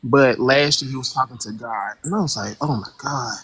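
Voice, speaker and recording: A caller on a casual call-in show who speaks at a medium pitch. They talk hesitantly, leaning on fillers and searching for words. They turn animated when something strikes them as absurd. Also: brisk.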